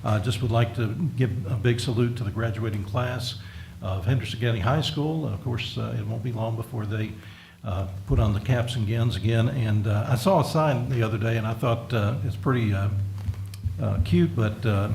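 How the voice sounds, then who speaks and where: A gravelly-voiced man speaks as a county magistrate at a public meeting. He talks in an easygoing, folksy way full of fillers. The sound is roomy, with a faint hum behind him. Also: mid-range voice, a little mellow. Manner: folksy, many pauses and fillers. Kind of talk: council meeting remarks.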